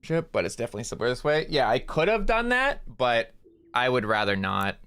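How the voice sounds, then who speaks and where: Man, game streamer, rambling casual chat, lively swinging pitch, bright tone, swears casually. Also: brisk, clean tone. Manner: coos at cats in a high voice. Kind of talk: casual gaming livestream chat.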